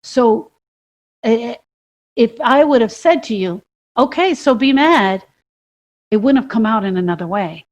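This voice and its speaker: A woman's voice: fairly high pitch, lively intonation, normal speed, a little mellow. A woman co-hosting a podcast, talking about grief in an emphatic way and building her points through repetition and questions. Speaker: podcast co-host. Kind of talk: reflective conversation about grief.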